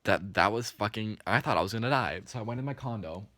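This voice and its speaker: Fast-talking man telling an animated story. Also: fairly low pitch, no room sound, clean studio sound. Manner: animated, swears often, many "like" fillers. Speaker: vlogger. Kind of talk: storytime vlog.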